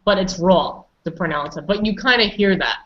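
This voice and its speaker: A woman's voice: medium pitch, normal speed, muffled recording. A woman teaching English pronunciation, patiently correcting students and calling on them by name. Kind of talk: online pronunciation lesson.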